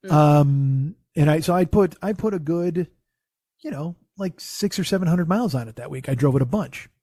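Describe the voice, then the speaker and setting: A man's voice: a little high, normal speed, warm tone, no room sound, studio quality. A man, a comedian hosting his own podcast, telling a rambling, profane story with many restarts. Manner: rambling, profane, self-interrupting. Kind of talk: casual comic storytelling.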